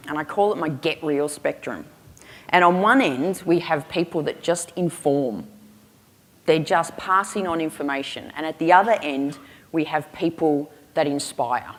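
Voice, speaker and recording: A woman giving a keynote speech, telling stories with punchy humour and pointed rhetorical questions. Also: deep voice. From Australia. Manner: punchy, humorous, emphatic delivery with rhetorical questions. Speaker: keynote speaker. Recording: reverberant hall.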